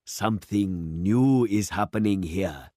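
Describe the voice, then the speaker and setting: A man with a slow, mellow voice on the low side reads a storybook closely and dryly, playing a boastful, worldly middle-aged city man. Jovial and expansive, the character speechifies and builds toward oratory, and the recording is dry.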